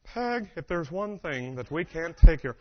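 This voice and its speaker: Man imitating a middle-aged Texan cartoon dad, folksy, stern, Texan accent, high voice. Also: big pitch swings, unhurried, lo-fi sound.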